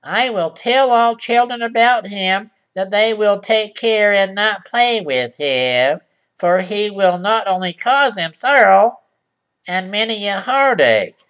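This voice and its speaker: A reader doing a kind old poet, slow. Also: mid-range voice, lively intonation, fairly bright tone, clean tone. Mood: gentle. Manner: slow, old-fashioned storybook speech. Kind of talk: mock storybook reading.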